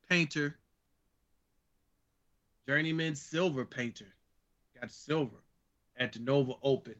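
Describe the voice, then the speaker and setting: A man's voice: on the high side, sharp tone. A man, a charity founder guest, chatting casually over a video call in a playful, teasing way. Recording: dull lo-fi call audio.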